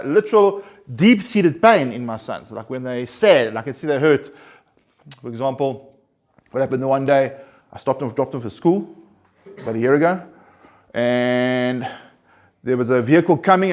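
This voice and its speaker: A man with a medium-pitched voice speaks at a normal speed while counseling a recovery group in an informal session. He talks earnestly and conversationally, often starting over and driving his points home with growing emphasis.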